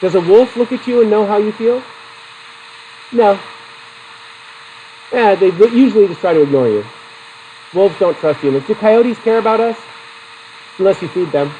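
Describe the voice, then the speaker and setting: A man's voice: high-pitched, normal speed, pauses often, mellow, dull audio, a little hiss or hum. Guy teaching psych class, rambly and casual, keeps asking the students questions, laughs a lot. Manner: chatty, digressive, poses questions to the class; laughs often between points. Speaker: psychology instructor. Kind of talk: classroom lecture.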